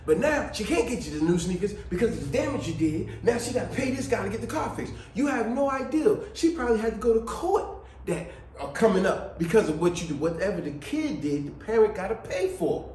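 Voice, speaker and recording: Host type: man, high and lively voice, preachy advice talk, roomy echo. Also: a little fast, slight background noise. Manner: animated, preachy, repeats phrases. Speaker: video host. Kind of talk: casual family advice talk.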